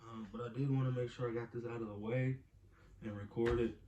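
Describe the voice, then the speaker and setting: A tired young father with a soft voice, recording a rambling video diary at home late at night. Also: medium pitch, steady tone, a little fast, dull audio, slight background noise. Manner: rambling, soft-spoken, talks to his toddler in between. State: exhausted, tired.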